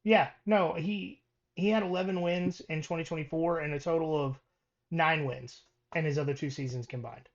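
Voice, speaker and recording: A man on a casual sports podcast runs through coaching records, stopping and restarting as he goes. His voice sits a little high for a man. The recording is dull and lo-fi. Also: fairly even intonation, moderate pace. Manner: reads stats with many ums and restarts. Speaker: podcast co-host.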